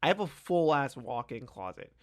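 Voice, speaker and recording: A young man casually telling a story, animated, laughing and swearing as he goes. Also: mid-range voice, moderate pace. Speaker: streamer.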